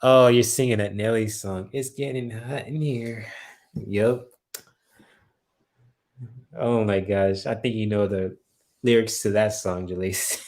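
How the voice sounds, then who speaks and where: A man's voice: fairly low pitch, steady tone, takes it slowly, pauses often, darkish tone. A man hosting a late-night live stream, reading viewer comments aloud, laughing often and teasing playfully, a little sleepy. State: sleepy, yawning. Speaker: livestream host.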